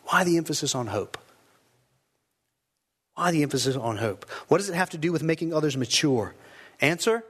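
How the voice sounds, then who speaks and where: Male pastor, fairly high voice, earnest emphatic sermon delivery. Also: animated, husky. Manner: earnest, emphatic preaching with slow stressed phrases.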